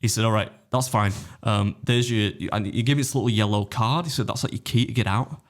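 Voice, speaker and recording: A man's voice: lowish voice, brisk. A man on a podcast, telling an anecdote in casual chat, acting out the dialogue, laughing often and swearing freely. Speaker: podcast guest.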